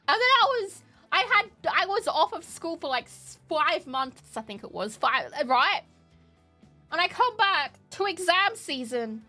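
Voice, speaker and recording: Young Australian woman streamer, high bright voice, lively casual chat, light music behind. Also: measured pace. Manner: animated, laughing, emotional.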